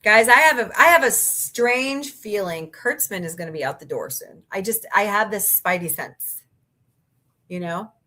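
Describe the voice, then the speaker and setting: Woman streamer chatting w her viewers, bright voice, jumps up and down a lot, sarcastic jokes. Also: medium pitch, expressive, a little slow. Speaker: livestream host. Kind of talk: casual livestream chat reading viewer comments.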